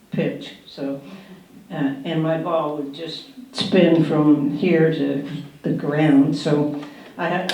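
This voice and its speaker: An older woman, a former professional baseball player, recounting her start in a halting, unhurried way with soft chuckles at a museum panel. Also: low-pitched. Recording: roomy hall echo.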